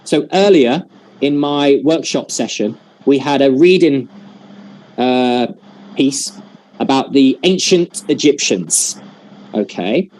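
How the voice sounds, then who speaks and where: A man's voice: mid-range voice, animated, slow pace, darkish tone. A man leading a teacher-training workshop over a video call, explaining patiently and demonstrating with examples.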